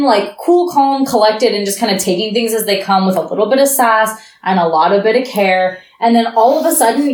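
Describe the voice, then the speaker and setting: A woman's voice: a little high, roomy sound. A woman co-hosting a book podcast, ranting sarcastically and swearing in casual chat. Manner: sarcastic, animated rants with swearing. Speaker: podcast co-host.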